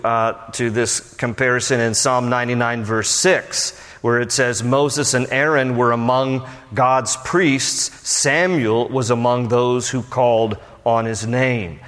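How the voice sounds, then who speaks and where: A man's voice: mid-range voice, a bit bright. A man preaching as a pastor, teaching from the Bible in a conversational way with storytelling asides. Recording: long reverb of a large hall.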